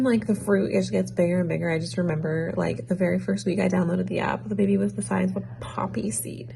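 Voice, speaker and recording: A woman's voice: medium pitch, gravelly, mellow, slight background noise. A young adult woman vlogging in a casual, rambling way, sounding tired. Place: home or small office room.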